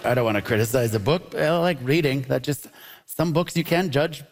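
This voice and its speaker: A man's voice: mid-range voice, moderate pace, a faint crowd. A man hosting a comedy panel show in an upbeat, jokey way, laughing often, on stage before a live audience. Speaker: game show host. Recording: live audience and noise behind.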